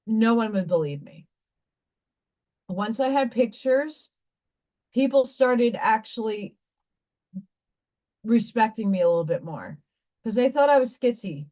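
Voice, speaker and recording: A woman with a medium-pitched, slightly mellow voice hosts a livestream, talking candidly and rambling with casual swearing. Between bits of chat she reads oracle card messages aloud.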